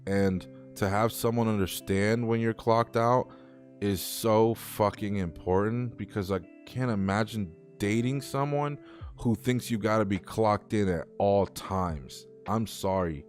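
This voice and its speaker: Low-voiced young man chatting casually. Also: a little slow, soft background music. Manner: heartfelt, swears freely, rambling. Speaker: talk show host. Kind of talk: casual livestream chat.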